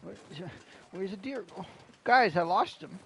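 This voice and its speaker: A man's voice: high voice, measured pace, gravelly, a little hiss or hum. A man in his twenties giving joking live commentary while playing a survival game, talking to his chat. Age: 20s. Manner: animated, joking, talks to chat. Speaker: streamer.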